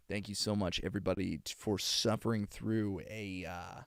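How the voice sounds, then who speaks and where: A man's voice: low voice, steady tone, normal speed, gravelly, few pauses, clear, resonant tone, no room sound, studio quality. A young man streaming from his home setup, talking in a practiced Boston accent and rambling with many restarts as he thanks viewers. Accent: Boston, put on for practice. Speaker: streamer and voice actor. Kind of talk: casual chat signing off a livestream.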